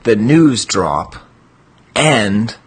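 Male podcast host, husky, chatty, rambling asides. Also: lowish voice, big pitch swings, extremely slow. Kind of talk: casual podcast chat.

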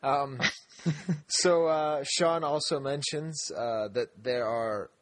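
A man's voice: a little high, steady tone, slow, no room sound. A man co-hosting a casual podcast chat. He rambles, laughs often and restarts his sentences. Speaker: podcast co-host.

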